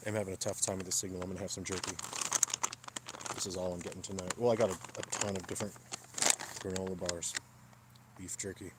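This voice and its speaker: A man's voice: low voice, level tone, quick pace, long pauses, heavy background noise. A man livestreaming casually from a mountain campsite at night, huffing and puffing in the thin air. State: out of breath.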